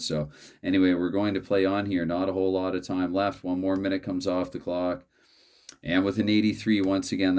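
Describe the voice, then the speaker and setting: A man hosting a solo tabletop hockey card game, calling the plays in a halting, dry play-by-play way. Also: low-pitched, a little mellow.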